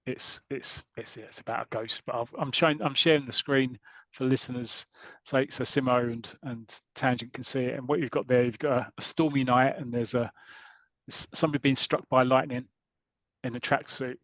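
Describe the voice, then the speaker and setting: A man hosting a podcast chats through a comic story, stopping and restarting as he goes. He reads short passages aloud at a middle pitch. The sound is dry and close. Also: fairly even intonation, normal speed, a bit bright, no echo. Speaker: podcast host. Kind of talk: casual podcast chat, retelling a comic story.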